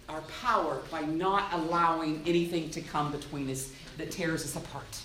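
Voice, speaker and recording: A woman's voice: low voice, moderate pace, hardly any pauses, slight background noise. A woman giving a church youth-group talk, acting out little voices as she goes. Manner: animated, acts out little voices. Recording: echoey room.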